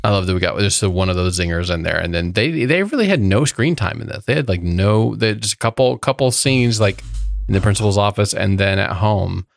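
A very low, gravelly-voiced man chatting about a movie on a podcast, recorded dry and close. He is wry, hops from topic to topic and laughs partway through his sentences. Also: fairly quick, dry recording. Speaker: podcast co-host. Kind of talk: casual film review chat.

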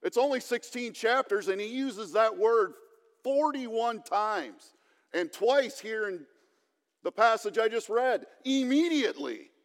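A man's voice: sits high, expressive, measured pace. A male pastor giving a conversational sermon with light humor, in a church hall.

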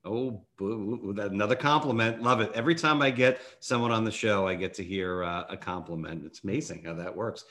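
A man's voice: fairly low pitch, a little fast, hardly any pauses, a bit bright. A man hosting a podcast interview, chatting casually and joking with many fillers and restarts. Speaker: podcast host.

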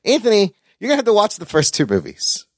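Brief: male podcast host, high and lively voice, swears casually, dry close mic. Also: fast talker, no echo. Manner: animated, swearing, jumps between topics.

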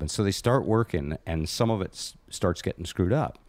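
Deep-voiced man telling a rambling story. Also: lively intonation, moderate pace, darkish tone, dry recording. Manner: rambling, self-mocking storyteller. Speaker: host. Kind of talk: casual storytelling chat.

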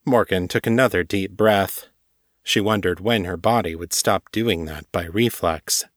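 A man narrating a story in a steady, measured audiobook-style reading. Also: low-pitched, no echo, clean studio sound. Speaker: narrator and author.

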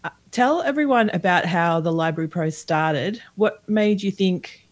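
A woman, from Australia, guest-hosting a podcast and asking relaxed interview questions. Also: lowish voice, measured pace. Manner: friendly, asks questions in a relaxed way. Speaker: guest host.

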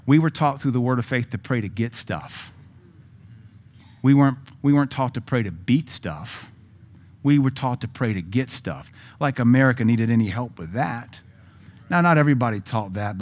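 Joking conversational male pastor. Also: medium pitch. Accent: Southern US. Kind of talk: sermon.

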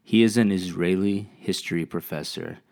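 Guy with a really low voice rambling on his podcast, laid back, swears a lot. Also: moderate pace, gravelly, darkish tone. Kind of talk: casual monologue.

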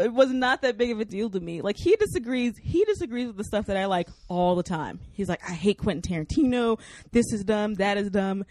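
A woman's voice: mid-range voice, expressive, fairly quick, few pauses, dry recording. A young adult woman co-hosting a podcast, telling a story in casual chat, laughing often and animatedly quoting others. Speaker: podcast co-host. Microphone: studio microphone.

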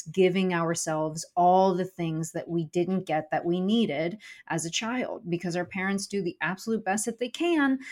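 A young adult woman, a comedian and keynote speaker, gives a candid podcast interview as a guest, swearing casually and acting out her inner voices. Her voice is lowish and a little mellow.

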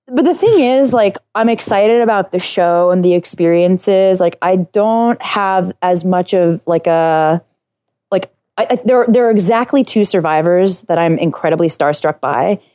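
Give me a mellow woman guest chatting eagerly, full of fillers and restarts. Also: lowish voice, a little slow, no room sound. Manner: excitable, rambling, many fillers and restarts. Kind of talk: casual interview chat.

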